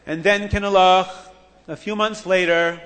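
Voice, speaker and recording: A man telling a story to children, lively and addressing listeners directly. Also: high voice, measured pace, long reverb tail.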